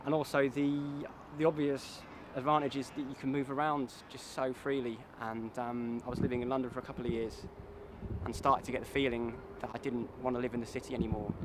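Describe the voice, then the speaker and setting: Thoughtful man over street noise. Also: mid-range voice. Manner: thoughtful, measured. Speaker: canal boater. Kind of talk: reflective interview.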